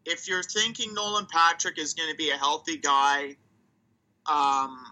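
A man's voice: a little high, steady tone, a little slow, sharp tone, low-quality recording. A man co-hosting a hockey podcast, talking casually and thinking aloud as he weighs prospects and reads out stats. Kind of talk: casual chat.

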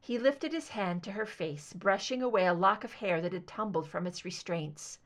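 A woman reads an audiobook story aloud with steady, expressive storytelling. Her voice sits at a middling pitch. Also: normal speed. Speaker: audiobook reader. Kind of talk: fan fiction audiobook narration.

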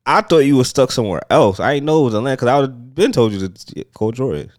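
A man's voice: mid-range voice, expressive, a little mellow, no echo. Dry-sounding teasing man. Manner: teasing, quick jabs. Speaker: podcast co-host. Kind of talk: casual chat.

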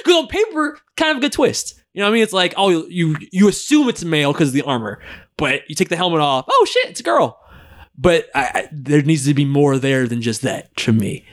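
A man hosting a podcast in casual chat, playful and animated, often laughing. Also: fairly high pitch, a little fast. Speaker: podcast host.

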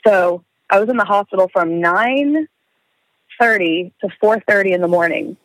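Animated young woman telling a story. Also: mid-range voice, normal speed, no echo, rough recording. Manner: animated storyteller, swearing, laughing, acting out quotes. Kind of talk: casual podcast chat.

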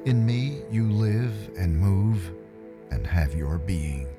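A man voicing God the Father in a devotional video, speaking slowly, intimately and reassuringly. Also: sits low. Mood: tender. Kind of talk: scripted devotional reading. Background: music.

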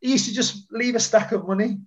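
A man's voice: high-pitched, fairly quick. A man, a former footballer, telling rambling stories in a casual chat, often repeating himself and filling with "like".

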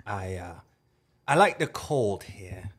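Casting: man putting on a stiff German businessman, halting speech, improv. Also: low voice, big pitch swings, pitched below the performer's own voice, full character voice. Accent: put-on German. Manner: halting, searching for words. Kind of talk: improvised impression game.

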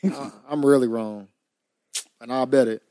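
A man with a mid-pitched voice chats on a podcast, telling stories in a relaxed way. The sound is dry and close. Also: unhurried, no echo. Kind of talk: casual chat.

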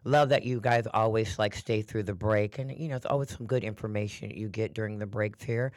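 A man hosting a radio talk show, chatting in a flamboyant, breezy way with a hoarse, throaty voice strained from performing. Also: fairly low pitch, brisk, no room sound. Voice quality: throaty, husky. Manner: flamboyant, chatty, calls listeners honey and doll.

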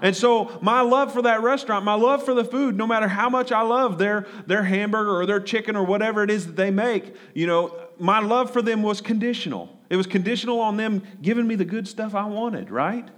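A man's voice: high-pitched, fairly quick, few pauses, fairly bright tone. A man preaching a conversational sermon, often repeating words and asking the congregation questions. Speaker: pastor.

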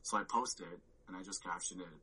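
A man guesting on a podcast tells a story in casual chat, rambling with plenty of "like" and swearing while acting out his own reactions. His voice is low, fairly quick, bright and forceful with a breathy edge, on a rough recording.

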